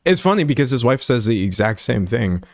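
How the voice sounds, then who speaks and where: A man of middle pitch delivers sarcastic reaction commentary, mocking and loose with slang, often tripping over repeated words. His voice sits close and dry with no room sound. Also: very animated, brisk, dry recording. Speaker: commentary host.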